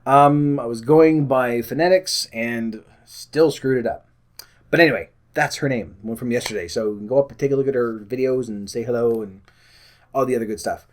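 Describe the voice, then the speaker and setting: A man's voice: mid-range voice, normal speed. A man with a Canadian accent talking casually to the camera in a vlog, rambling with many fillers and corrections. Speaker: vlogger.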